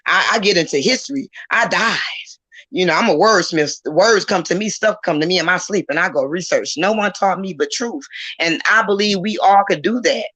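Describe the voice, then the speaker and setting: A woman speaks with bold, emphatic force. She has the tone of a preacher. Her voice is bright and strong, and it sounds close and dry. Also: lowish voice, a little fast, husky, no room sound. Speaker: guest poet. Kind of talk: casual chat on a live video call.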